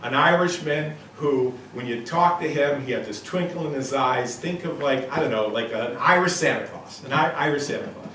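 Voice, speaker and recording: A man in his sixties giving a live motivational lecture to an audience in a room, telling stories in an animated, punchy and emphatic way. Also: medium pitch, moderate pace, hardly any pauses, a little hiss or hum. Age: 60s. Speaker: motivational speaker. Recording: very echoey room, voice from a distant mic.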